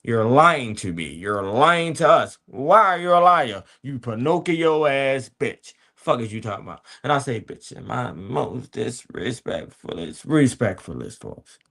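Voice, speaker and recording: A man's voice: medium pitch, sing-song, unhurried, gravelly, bright, forceful tone. Blunt, profane male podcast host. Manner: blunt and profane, preachy street talk with many "you hear me". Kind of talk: casual motivational monologue.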